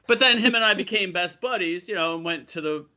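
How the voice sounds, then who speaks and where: A man in his fifties from the Buffalo area, co-hosting a podcast and telling rambling, animated stories with casual swearing. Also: high voice, brisk. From Buffalo area, USA. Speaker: co-host.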